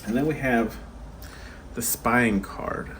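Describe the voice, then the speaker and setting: A man's voice: medium pitch, takes it slowly, a bit bright, a little hiss or hum. A man giving a casual pick-a-card tarot reading, rambling and chatty with lots of fillers and asides.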